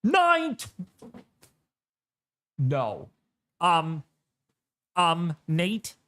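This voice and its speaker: A man hosting a live weather stream, giving animated, jokey commentary full of exclamations. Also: a little high, extremely slow, dry recording.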